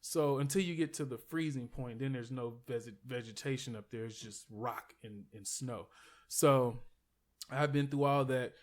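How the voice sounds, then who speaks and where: A man's voice: medium pitch, normal speed. A man, a podcast guest, telling a long story in a casual, rambling way, full of "like" and "you know", with some profanity. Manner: profane, animated retelling.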